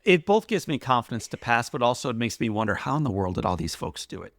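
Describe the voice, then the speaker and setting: A man's voice: mid-range voice, very animated, fast talker. A man hosting an interview, asking his guest playful, teasing questions. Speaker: podcast host. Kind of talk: casual interview.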